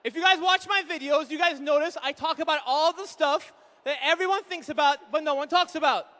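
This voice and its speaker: A comedian in his thirties performs animated stand-up in a large hall before an audience, rapidly acting out voices of husbands and wives on a live mic. His voice is extremely high-pitched.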